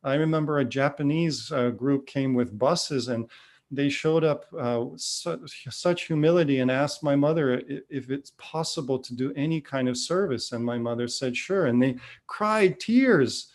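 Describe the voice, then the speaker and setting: A man's voice: medium pitch, moderate pace. A man in his fifties giving a spiritual testimony talk, telling his story earnestly with restarts and acted-out dialogue. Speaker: devotional speaker.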